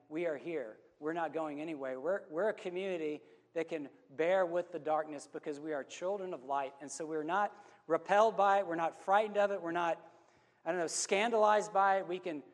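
A man's voice: fairly high pitch, moderate pace, long reverb tail. A man preaching a sermon as a pastor, telling a story in an earnest, conversational way.

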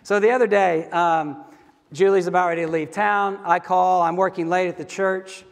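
A man's voice: sits high, fairly even intonation, moderate pace, big-room sound. A middle-aged man preaching a sermon as a pastor, in a conversational, candid storytelling manner.

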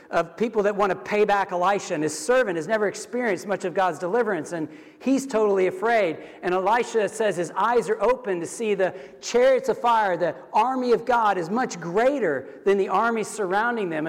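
A man preaching a sermon in a conversational, explanatory way, with casual "like" asides, sometimes acting out the voices in a dialogue. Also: sits high. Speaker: pastor. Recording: long hall reverb.

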